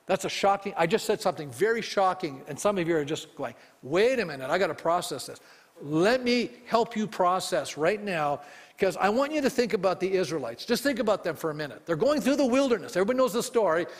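A pastor preaching a sermon with emphasis and frequent questions put to the congregation. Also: male voice, sits high, long reverb tail.

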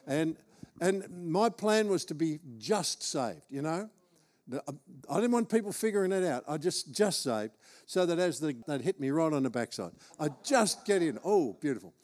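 A man's voice: on the high side, big pitch swings, moderate pace, a little mellow. A man with an Australian accent, preaching as he tells a humorous, self-deprecating personal story. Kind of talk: storytelling sermon.

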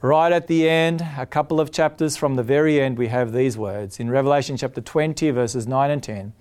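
A man's voice: medium pitch, a little fast, a little mellow, clean tone. A man preaching a sermon, earnest and emphatic, often repeating his key phrases.

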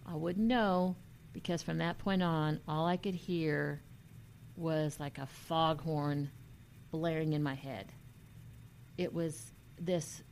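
A woman earnestly telling a personal story in a halting way, with many restarts, and at times emotional and near tears. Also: on the low side, creaky, darkish tone, slight background noise. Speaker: vlogger.

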